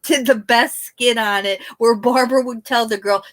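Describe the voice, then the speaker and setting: Woman gabbing on a livestream, lively, laughs a lot, drops soft sometimes. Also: normal speed, few pauses. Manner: chatty, animated, laughs often, trails off into sad lows. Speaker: livestream host. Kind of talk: casual livestream chat.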